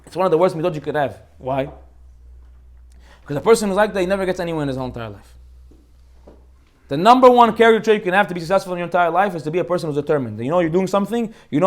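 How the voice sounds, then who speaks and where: Fast, high-voiced rabbi telling stories. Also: male voice. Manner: animated and joking, acts out characters. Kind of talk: informal Torah class with storytelling.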